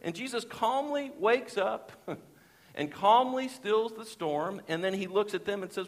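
Earnest preacher man in echoing hall. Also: high-pitched. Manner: earnest, rises in intensity on emphatic phrases, slows for quotes. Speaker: pastor. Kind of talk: sermon. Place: church sanctuary. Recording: long reverb of a church hall.

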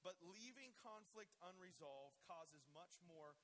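A man giving a youth group talk, telling stories with lively energy and acting out voices. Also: high voice, measured pace. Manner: animated storytelling, acts out voices. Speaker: youth pastor. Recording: long hall reverb with faint hiss.

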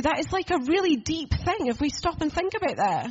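A woman's voice: very high voice, very animated, brisk, few pauses, highs cut off. A woman preaching a sermon in a church, earnest and conversational, asking the room questions.

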